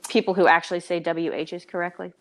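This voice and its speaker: A woman's voice: on the low side, flat delivery, quick pace, slight background noise. A woman from Tennessee with a light Southern accent, co-hosting a casual chat full of "like" and "um". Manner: chatty, fond of fillers like "like" and "um". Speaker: podcast co-host.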